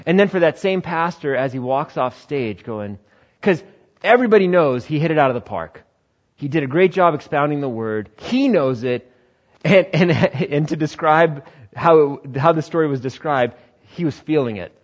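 A man in the pastor role preaching a sermon in an animated way, sometimes acting out other voices. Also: moderate pace, dull audio. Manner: animated, acts out quoted voices with high shouts and laughs.

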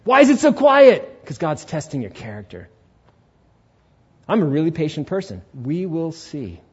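Animated, husky-voiced man preaching a sermon. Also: on the high side, moderate pace, muffled recording. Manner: animated, acts out inner voices and questions to the congregation. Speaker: pastor. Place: church sanctuary.

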